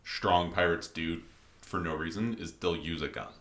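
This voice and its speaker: Man, podcast co-host, low voice, bright tone, offhand explanations. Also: fairly even intonation, normal speed. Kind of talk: casual chat.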